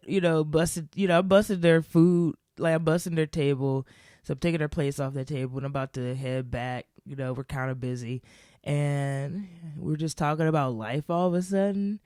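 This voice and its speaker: A woman's voice: low-pitched, normal speed, darkish tone, no room sound, studio quality. A woman vlogger telling a casual comic story to camera, rambling, swearing casually and laughing often.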